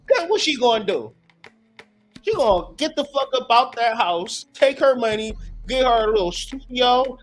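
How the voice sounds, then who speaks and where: A man's voice: very high-pitched, lively intonation, unhurried. A man hosts a profane, preachy monologue, mixing street talk with scripture. He speaks emphatically and drives each point home. Faint music plays behind him. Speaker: host.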